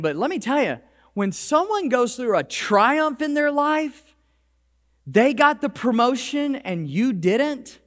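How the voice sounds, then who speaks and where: A man preaching a sermon to his congregation, animated, with frequent restarts and repeated words. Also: very high-pitched. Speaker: pastor. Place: church. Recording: hall reverb.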